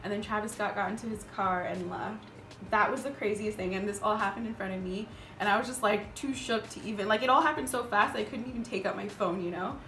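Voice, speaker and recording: A woman in her twenties, a beauty vlogger chatting casually while doing her makeup, telling stories in an animated way with lots of fillers. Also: mid-range voice, quick pace, slight background noise. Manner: animated storytelling, filler-heavy. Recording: roomy echo with background music.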